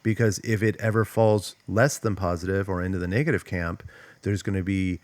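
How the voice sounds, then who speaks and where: Middle-aged male host, very low voice, emphatic casual delivery, dry room. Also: fairly even intonation, a little fast, a little mellow, no room sound. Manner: emphatic, conversational, frequent "like" and "right?". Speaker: host, trauma coach. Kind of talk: solo talk to camera.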